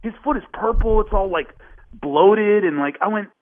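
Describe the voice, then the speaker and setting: At a moderate pace, a man on a podcast tells a casual story, getting animated and raising his pitch to act out quotes. It's a narrow-band, phone-like recording with no echo.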